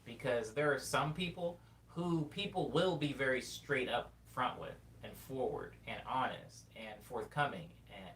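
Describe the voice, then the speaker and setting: Rambling young man chatting on stream. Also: fairly bright tone. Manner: rambling and reflective, reads chat messages aloud. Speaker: livestream host. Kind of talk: casual live-stream chat, answering chat. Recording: distant mic with faint rumble.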